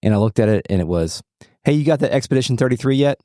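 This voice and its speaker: A man's voice: medium pitch, expressive, fast, dark tone, no room sound, studio quality. A man co-hosting a podcast, chatting casually while playing a game, rambling and swearing. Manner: rambling, swearing, trails off and restarts. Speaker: podcast co-host.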